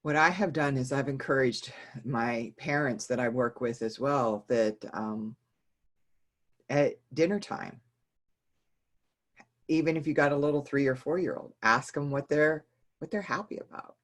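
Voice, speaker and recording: A woman guest on a podcast interview, talking in an animated way and repeating words when she gets excited. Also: a bass voice, unhurried. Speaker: guest educator. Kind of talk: casual conversational interview.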